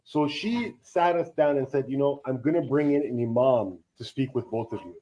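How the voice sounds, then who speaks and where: A man in his thirties with a mid-range voice talks at a moderate pace on a casual live co-stream, and the audio is poor. As host, he tells long, rambling stories and animatedly acts out the people he quotes.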